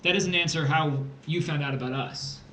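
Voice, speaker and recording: A man's voice: on the high side, moderate pace, sharp tone. A young man tutoring test prep on a casual livestream, joking and theatrical. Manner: playful, jokey, theatrical. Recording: echoey room, faint background noise.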